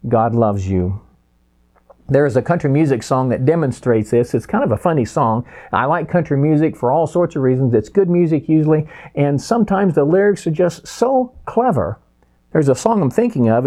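A pastor delivering a sermon, emphatic and slowing down for key phrases. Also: male voice, a little high, dark tone.

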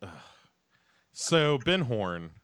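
A man's voice: medium pitch, big pitch swings, very slow, fairly bright tone, clear, resonant tone, dry recording, clean studio sound. A man co-hosting a podcast in casual chat, joking and rambling through recaps with lots of fillers. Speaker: podcast co-host.

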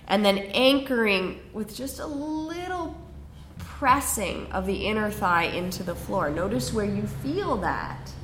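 A woman teaching a guided yin yoga class with slow, soothing spoken cues. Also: medium pitch, a bit bright, slight background noise. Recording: roomy echo with faint ambience.

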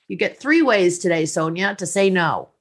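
A woman hosting a podcast as a life coach, talking in a lively, teasing and directive way. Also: on the low side, moderate pace.

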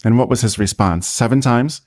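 A man playing a gentle, grieving mother who speaks quietly in a retold story. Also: medium pitch, normal speed, lightly acted. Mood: tender. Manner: soft, quiet speech.

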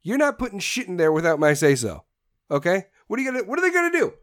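A man's voice: high voice, wildly swooping pitch, quick pace, fairly bright tone. A man ranting in a combative, profane political monologue, addressing his audience directly. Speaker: political commentator.

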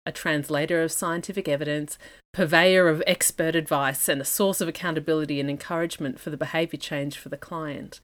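A woman gives a scripted podcast lesson in a slightly low voice. She is measured and methodical and works through her points one list item at a time, like a professional educator. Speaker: dietitian and podcast host.

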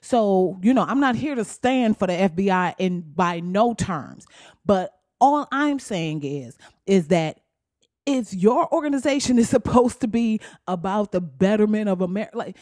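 A woman's voice: medium pitch, expressive, normal speed, a little mellow, no echo, studio quality. Blunt, profane woman ranting on a podcast. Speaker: podcast host. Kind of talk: solo podcast rant.

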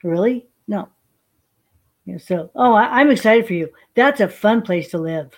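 A woman's voice: medium pitch, unhurried. An older woman, a veteran, who tells stories chattily as a podcast guest and calls people honey. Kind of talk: casual interview storytelling.

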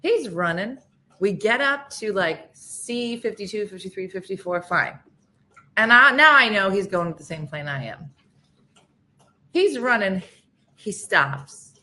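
Bright-voiced woman telling a funny story. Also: medium pitch, a little slow. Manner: animated, acts out quoted people. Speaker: guest. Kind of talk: casual comic storytelling.

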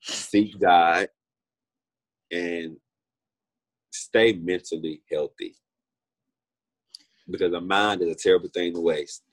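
Young man in his 20s, deep and a bit raspy, heartfelt testimony guest. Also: fairly even intonation, slow, pauses often. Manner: earnest, heartfelt, repeats himself often. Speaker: interview guest. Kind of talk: personal testimony in conversation.

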